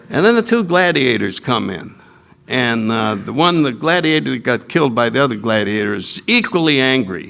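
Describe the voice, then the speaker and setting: Animated man telling a story. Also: medium pitch, normal speed, creaky. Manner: animated, laughs at his own jokes, acts out voices. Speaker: speaker at a recovery retreat. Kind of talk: storytelling talk.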